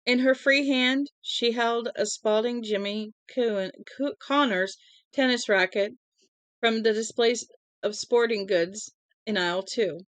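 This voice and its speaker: A woman reading a novel aloud in a plain, unhurried way, with small slips, into a close mic at home. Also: on the high side, clear, resonant tone, no room sound. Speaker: audiobook reader.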